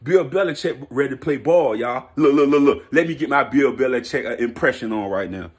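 A man vlogging a hyped, slangy football rant, laughing and repeating himself in his excitement. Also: mid-range voice, fairly quick. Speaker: sports vlogger.

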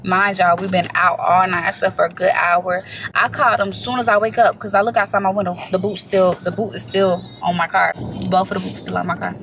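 A woman vlogger telling a story to the camera in a casual, animated way, swearing freely and calling her viewers y'all. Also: fairly low pitch, a little fast, slight background noise, poor audio. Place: inside a parked car.

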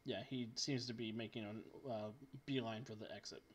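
A man narrating as game master in a tabletop game, lively and joking. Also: fairly low pitch, a little fast, a little hiss or hum. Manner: animated and joking.

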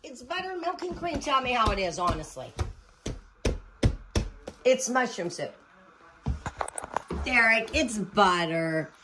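A middle-aged woman with a fairly high, very lively voice, doting and fussing in casual talk at home. Clear background noise and clicks run under her. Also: slow, long pauses. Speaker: mother. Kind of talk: casual family chat. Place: family home.

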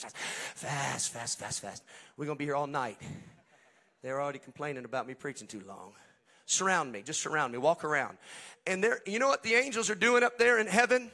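A man preaching a Pentecostal sermon at a church service. He swings between quiet joking asides to the congregation and shouted, sing-song preaching. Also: a little high. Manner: humorous and talks directly to the congregation.

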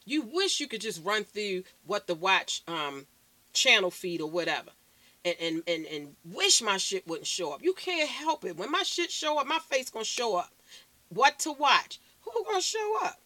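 A woman's voice: medium pitch, animated, moderate pace, bright, forceful tone, no echo. A woman vlogger ranting bluntly and profanely to camera, recorded on her phone. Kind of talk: unscripted rant to camera.

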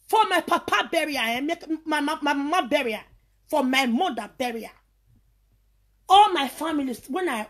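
A woman from Nigeria with a Nigerian Pidgin English accent, delivering a heated, scolding rant full of repetitions. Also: high-pitched. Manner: heated, scolding, repeats herself. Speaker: social media personality. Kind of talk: angry ranting monologue.

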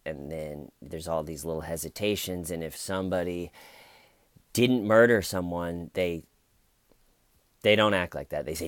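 A man giving casual, animated true crime commentary who acts out the quoted lines as he recaps. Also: deep voice, a little slow, long pauses, no echo.

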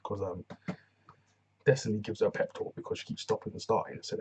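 A man's voice: on the low side, very animated, fast talker, long pauses, darkish tone, muffled recording, slight background noise. A man giving a casual, rambling recap of a TV episode, full of slang and restarts. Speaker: TV reviewer.

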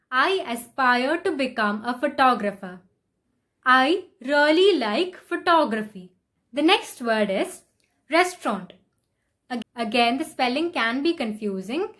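A woman with a high, light voice teaches English pronunciation from a script. She says each word slowly and deliberately and leans on the sounds she is correcting. Her delivery stays clear and measured, like a prepared lesson. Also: fairly bright tone. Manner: slow, deliberate, stressing each example word.

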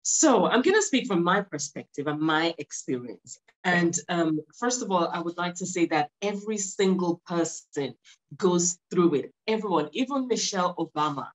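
A woman's voice: lowish voice, animated, normal speed, poor audio. A woman, a guest on a podcast interview, speaking earnestly and encouragingly and repeating words for emphasis. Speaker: podcast guest, mindset stylist. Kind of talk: conversational interview.

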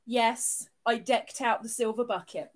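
A woman's voice: on the high side, fairly even intonation, measured pace. A woman hosting a live stream, gushing affectionately as she reads out viewers' names and thanks them. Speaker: livestream host.

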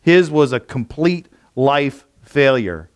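In church, a man preaches expressively in a smooth, mid-range voice at a slow pace. The sermon is casual and rambling, delivered conversationally with frequent fillers and restarts.

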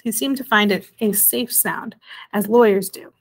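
A woman narrating a children's storybook in a gentle, measured way. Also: mid-range voice. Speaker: audiobook reader.

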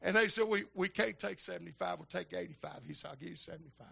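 An older man, a minister telling folksy stories in a sermon that build to shouting fervor. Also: high-pitched, quick pace, gravelly, slightly rough, highs cut off. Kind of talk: storytelling sermon.

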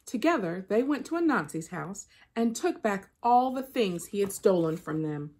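This storybook reader is a woman whose pitch is medium and whose speed is normal. She brings a children's picture book to life with expressive narration.

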